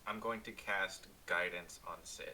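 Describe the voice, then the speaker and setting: Bright-toned man with typing behind. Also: sits low, steady tone, measured pace, a little hiss or hum. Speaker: player. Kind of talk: tabletop game play, casual.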